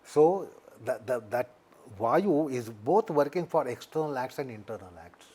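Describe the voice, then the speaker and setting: Indian guy, yoga teacher, slow careful explaining, keeps repeating himself, mid voice. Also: mid-range voice, lively intonation, mellow, husky. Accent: Indian English. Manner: deliberate and explanatory, repeats key points. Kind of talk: interview explanation.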